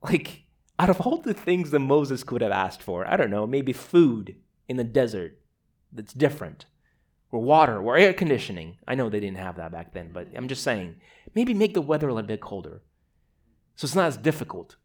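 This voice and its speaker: A man's voice: mid-range voice, big pitch swings, normal speed. A man from Moldova preaching a sermon in a conversational way, with casual asides and repeated words.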